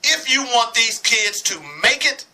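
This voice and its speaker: A man's voice: very high-pitched, a little slow, bright, forceful tone, low-quality recording. A man from Arkansas giving impassioned sports commentary, heated and preachy, hammering points with repetition.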